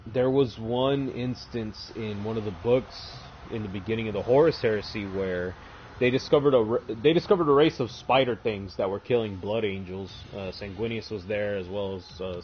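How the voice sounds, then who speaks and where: A man's voice: fairly low pitch, moderate pace, a little hiss or hum. Rambling, swearing man on a lo-fi mic. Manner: casual, rambling, heavy swearing. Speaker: gaming streamer. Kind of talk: casual lore retelling while playing.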